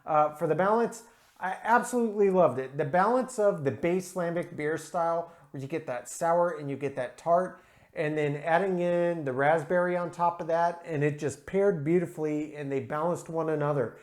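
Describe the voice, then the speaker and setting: Beer review host, casual, enthusiastic, methodical, filler-heavy, mid pitch. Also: moderate pace, darkish tone. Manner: enthusiastic, methodical, scores each category aloud; frequent "uh" and "um" fillers. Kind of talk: casual review talk to camera.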